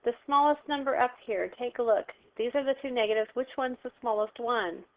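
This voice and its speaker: Recording a math lesson at home, a woman teacher guides students patiently through each step, posing questions and then answering them herself. Her voice is a little high and a little fast. A phone can be heard in the background, and the audio is tinny, like a phone.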